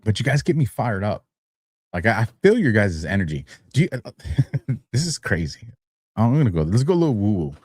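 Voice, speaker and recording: A man's voice: fairly low pitch, very animated, normal speed, pauses often, breathy edge, dry recording, clean studio sound. A tired man hosting a live-streamed talk show, rambling casually with frequent chuckles and getting heated when he argues a point. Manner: rambling, chuckles between phrases, grows heated and louder when arguing. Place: studio.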